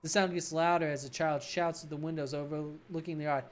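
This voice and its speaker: A woman streamer reading a game's narration aloud in a dry, hushed way, with quick asides. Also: low-pitched, fairly even intonation.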